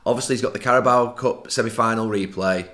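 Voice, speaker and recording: Firm, low-voiced man talking football. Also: fast, sharp tone. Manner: firm, emphatic, explains tactics at length. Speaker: podcast co-host, football pundit. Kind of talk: casual football discussion.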